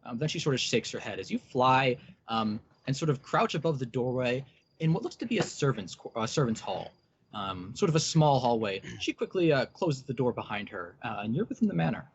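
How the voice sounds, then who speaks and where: A man's voice: medium pitch, big pitch swings, a little fast, a little hiss or hum. Hesitant man running a tabletop game. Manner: hesitant, many ums. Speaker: game master. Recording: dull lo-fi recording.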